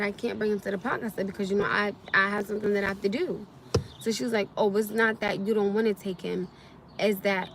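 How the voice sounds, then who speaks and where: A young woman vents angrily on a live stream, circling back over the same complaint again and again. Her voice sits fairly high. She talks from a parked car, with a faint vehicle hum behind her. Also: fairly bright tone. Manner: angry, repetitive ranting. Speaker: livestreamer.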